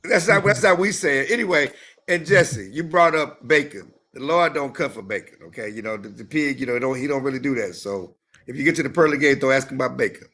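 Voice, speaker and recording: Husky animated man in sports chat. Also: mid-range voice, a little fast. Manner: animated, laughs a lot, repeats himself. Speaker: podcast co-host.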